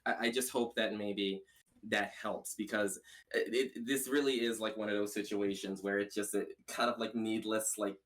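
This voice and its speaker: Low-voiced man, hesitant and wordy. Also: fairly even intonation, a bit bright. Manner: hesitant, repeating himself, measured. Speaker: call participant. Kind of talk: voice-call discussion.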